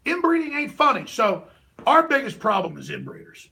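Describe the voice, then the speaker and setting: A middle-aged talk show host with vocal fry goes on a heated political rant at a moderate pace, his pitch swinging hugely. He switches between loud outbursts and quiet mutters.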